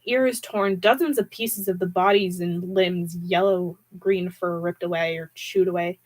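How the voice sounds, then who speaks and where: A woman reading a horror novel aloud on a stream, dramatic with wide pitch swings and occasional restarts. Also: steady tone, a little slow, darkish tone, rough recording. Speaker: audiobook reader.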